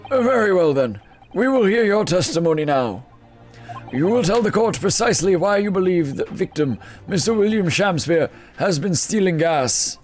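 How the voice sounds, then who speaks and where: A man doing a pompous old judge in a game, high-pitched and deliberate, weighing every long formal sentence. He sounds measured and officious. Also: animated, soft background music. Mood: stern.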